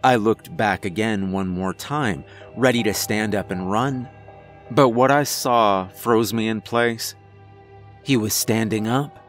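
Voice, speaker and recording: A man narrating a first-person horror story in a measured storytelling manner. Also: medium pitch.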